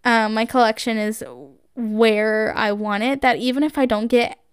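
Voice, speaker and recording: A young woman chats on her solo podcast in a gushing, casual way, using "like" and "um" heavily. Her voice is on the high side and clean, with a steady tone at normal speed. It's a dry, studio-quality recording.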